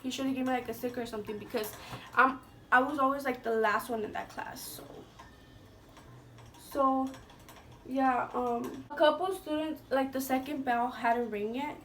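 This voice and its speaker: A young beauty vlogger tells a casual storytime, swearing freely, leaning on "like," and sprinkling in Spanish slang. Her high voice is steady and fairly bright at a normal pace, sitting a bit distant from the mic with slight background noise.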